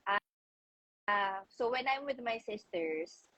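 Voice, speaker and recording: A Filipino woman chatting casually as co-host, soft-spoken and hesitant. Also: fairly high pitch, slow pace, dry recording, highs cut off. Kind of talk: casual chat.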